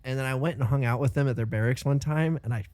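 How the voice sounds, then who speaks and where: A man's voice: mid-range voice, fast talker, darkish tone. A young American man co-hosting a podcast, chatting casually in a laid-back, joking way and laughing easily. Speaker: podcast co-host. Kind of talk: casual chat.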